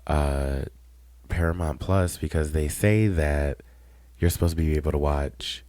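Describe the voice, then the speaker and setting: Very deep-voiced blunt podcast co-host man. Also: unhurried, darkish tone, no echo. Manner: blunt, profane, opinionated. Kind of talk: casual chat.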